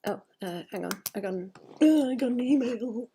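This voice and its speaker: Woman, late twenties, artist streaming while she draws, casual, swears a lot, slightly high voice. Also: animated, moderate pace, dark tone, slight background noise. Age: late 20s. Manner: chatty and profane, laughs at herself. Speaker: artist livestreamer. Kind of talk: casual livestream chat while drawing.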